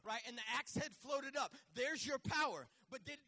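A man preaching a live sermon, passionate, swinging between loud shouting and soft asides to the congregation. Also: very high voice, moderate pace, few pauses, background noise. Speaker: pastor.

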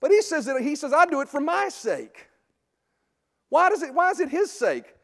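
A man teaching a sermon in a conversational way, often checking in with a quick "right?". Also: extremely high pitch, big pitch swings, creaky, fairly bright tone. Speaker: preacher teaching a Bible series. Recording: long hall reverb.

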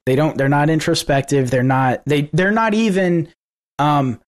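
Podcast co-host, male, casual and rambling, restarts a lot, mid-high voice. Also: moderate pace. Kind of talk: casual political podcast chat.

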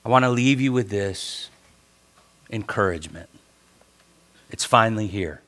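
A male pastor preaching a sermon, swinging between quiet talk and emphatic shouted passages, with the congregation repeating phrases after him. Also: lowish voice, measured pace.

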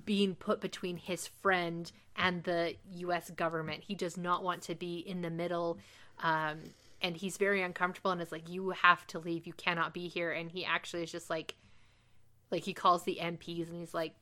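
A woman co-hosting a podcast, retelling a TV episode in casual chat with animated, quick delivery. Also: lowish voice. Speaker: podcast co-host recapping a TV episode.

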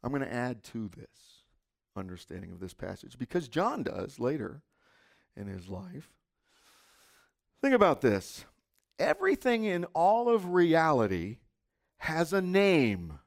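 A middle-aged man preaching a sermon, telling stories expressively and dropping into soft asides. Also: medium pitch, huge pitch swings, a little slow, gravelly, long pauses. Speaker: pastor.

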